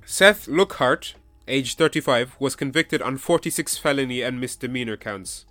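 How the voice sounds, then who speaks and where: A man's voice: mid-range voice, moderate pace, fairly bright tone, no room sound. A man hosting a casual podcast chat, reading out a news story and insisting his friends listen. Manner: reads news articles aloud to friends. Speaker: podcast host.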